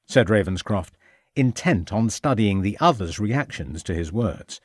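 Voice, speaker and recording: A man reading an audiobook as narrator, with measured, even storytelling. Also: on the low side, no echo. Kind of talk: scripted narration.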